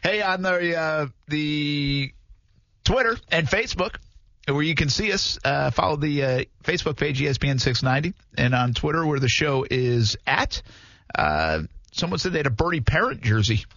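A man's voice: on the high side, expressive, normal speed, a bit bright, no echo, dull audio. A man hosting a sports radio show, chatting easily with his co-hosts and reading out listener messages from a studio microphone. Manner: easygoing, chuckling, reads listener messages. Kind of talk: casual sports talk radio banter.

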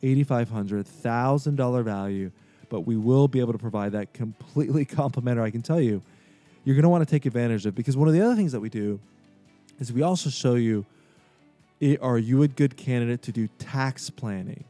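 A man hosting a radio finance show, persuasively pitching a free offer and repeating the phone number slowly. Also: mellow, soft background music.

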